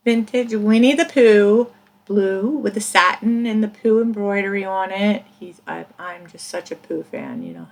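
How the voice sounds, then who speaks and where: Chatty woman rambling through her finds. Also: medium pitch. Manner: chatty, rambling, laughs often. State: hiccuping. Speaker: reseller vlogger. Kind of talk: casual chat.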